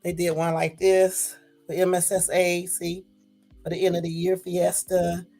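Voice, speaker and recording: A woman's voice: on the low side, flat delivery, unhurried, dark tone, soft background music, low-quality recording. Laughing woman in late-night chat. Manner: laughing, addresses viewers as y'all, rambling. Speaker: vlogger. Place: at home.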